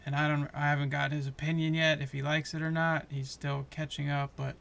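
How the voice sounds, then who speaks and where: A man's voice: a little high, level tone, fairly quick, gravelly, fairly bright tone. A man giving a heated, profane, passionate review of a show, talking in a casual rant.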